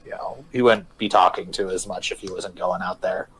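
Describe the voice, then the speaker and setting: A man's voice: low voice, fairly even intonation, moderate pace, a bit bright, slight background noise. A man on a wrestling podcast in casual chat, joking and speculating. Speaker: podcast guest.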